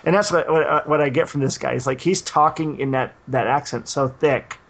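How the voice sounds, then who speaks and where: A man's voice: on the high side, fairly quick, vocal fry, a bit bright. A man co-hosting a casual podcast chat, hesitant, with frequent restarts and fillers.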